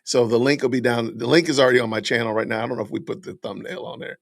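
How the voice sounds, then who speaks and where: Gravelly-voiced man hosting a live stream. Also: mid-range voice, fairly even intonation, rapid-fire, dry recording, clean studio sound. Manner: upbeat, chatty, addresses viewers as y'all. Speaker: podcast host.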